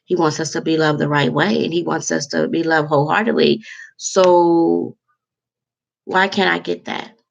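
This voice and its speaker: A woman vlogger in a candid, heartfelt to-camera monologue, halting with many fillers and close to tears. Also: sits low, steady tone, vocal fry, dull audio.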